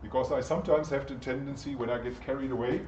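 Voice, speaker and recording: A man's voice: medium pitch, fairly even intonation, fast talker, darkish tone, slight background noise. A man giving a chatty university lecture and putting questions to the class. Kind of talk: interactive lecture. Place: lecture room. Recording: echoey, distant, dull lecture-room recording.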